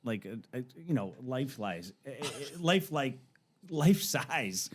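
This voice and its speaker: A man's voice: medium pitch, lively intonation, slow pace. A man, telling stories casually on a podcast, swearing freely and mimicking voices. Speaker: podcast guest. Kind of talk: casual storytelling.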